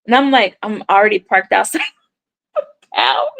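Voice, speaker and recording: Animated woman telling a casual story. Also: medium pitch, moderate pace, creaky, low-quality recording. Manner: animated storyteller, acts out dialogue, swears casually. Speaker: crochet content creator on a livestream. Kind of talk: casual livestream chat, storytelling.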